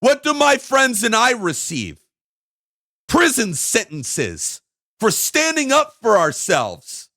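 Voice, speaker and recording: A man talks alone to his viewers in a heated, emphatic monologue. His voice is high for a man and moves all over the place, climbing and dropping as he drives his points home with repetition. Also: huge pitch swings, takes it slowly, bright, forceful tone. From United States. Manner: ranting, emphatic, repeating phrases. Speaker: video host. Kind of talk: heated solo monologue to camera.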